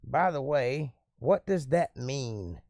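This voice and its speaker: A man hosting a casual live stream, reading viewer comments aloud and answering them in a relaxed, talkative, folksy way. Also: medium pitch, takes it slowly, dry recording, studio quality.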